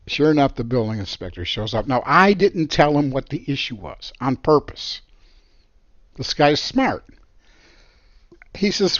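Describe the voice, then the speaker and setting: A man, an architect, telling a story from his career in an animated, emphatic way. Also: fairly high pitch, a little slow, pauses often, dry recording, muffled recording. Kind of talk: storytelling monologue.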